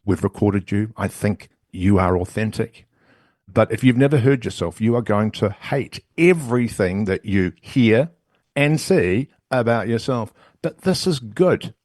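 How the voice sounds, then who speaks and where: New Zealand man, low dry podcast voice. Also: no echo. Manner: animated, often tags lines with "right?". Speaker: voice and video coach, guest. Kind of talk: conversational podcast interview. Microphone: studio headphones and mic.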